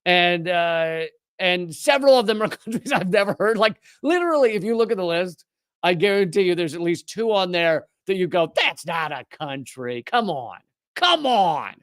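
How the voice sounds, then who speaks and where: High-voiced sarcastic male commentator. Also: lively intonation, a little fast, clear, resonant tone, no room sound, studio quality. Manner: sarcastic, emphatic, incredulous asides. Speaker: political commentary host. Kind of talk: live-stream political commentary.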